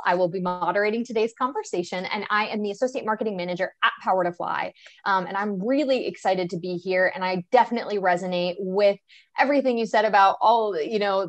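A woman's voice: medium pitch, dry recording. Enthusiastic woman moderating an online interview. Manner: enthusiastic, chatty with filler ums.

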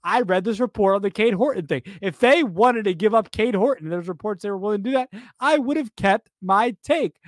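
A man co-hosting a baseball podcast in a casual, animated chat, rambling and often repeating himself. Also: sits high, brisk, hardly any pauses, no room sound, studio quality. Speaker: podcast co-host.

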